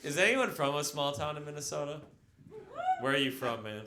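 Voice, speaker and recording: A man's voice: fairly high pitch, lively intonation, brisk, crowd noise. A man performing a brash stand-up comedy set on a brewery stage, laughing at his own jokes. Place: brewery stage before a live audience. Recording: live room with audience noise. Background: audience laughter.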